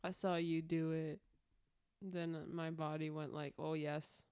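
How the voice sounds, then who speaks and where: A young woman speaks slowly in a smooth, clear voice, laughing easily and turning over puzzled questions. She sits low in pitch for a woman, and the sound is dry and close. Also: flat delivery, darkish tone, no room sound. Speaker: podcast co-host. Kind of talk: casual chat.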